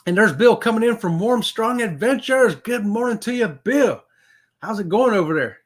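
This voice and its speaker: A middle-aged man runs a relaxed livestream chat. His voice sits a bit high for a man. He reads viewer comments in a folksy, upbeat way and often breaks into chuckles. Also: normal speed. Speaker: livestream host.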